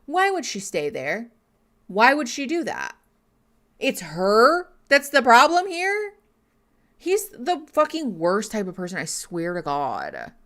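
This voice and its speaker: A woman's voice: on the high side, wildly swooping pitch, slow, a bit bright. A woman streamer giving live reaction commentary on a reality show, ranting with profanity and sarcasm.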